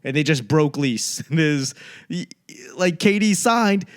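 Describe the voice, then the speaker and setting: A man from the United States hosts his own comedy podcast, ranting through profane tangents with jokey asides. His voice sits a little higher than most men's. He rambles loosely and wanders off topic. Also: animated, unhurried, smooth. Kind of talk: rambling solo podcast monologue.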